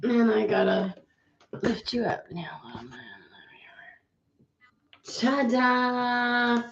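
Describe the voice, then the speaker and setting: Speaking at a moderate pace in a mid-range voice, a woman runs a relaxed tarot live stream from her home. Her talk into the webcam rambles and is sprinkled with free swearing, captured in roomy, somewhat dull audio.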